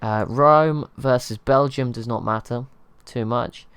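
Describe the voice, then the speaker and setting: Casual male game commentator, mid pitch, dry close mic, rambling and self-deprecating. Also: measured pace, a bit bright, clear, resonant tone, no echo. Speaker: gaming channel host.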